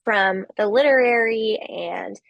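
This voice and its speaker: A woman giving a recorded literature lecture, explaining slowly with occasional fillers. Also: mid-range voice, creaky, no echo, dull audio.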